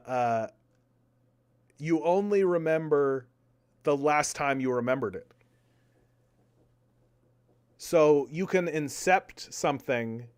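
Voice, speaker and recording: A young man doing casual live-stream political commentary, animated, repeating words and arguing with his chat. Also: fairly high pitch, smooth. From Canada.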